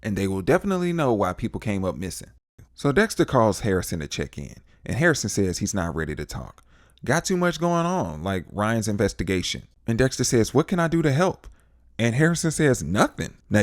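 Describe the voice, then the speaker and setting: A TV recap host from the United States speaks in a lowish voice, recorded clean in a studio with no room sound. He casually walks through an episode, animatedly acting out the characters' lines in different voices.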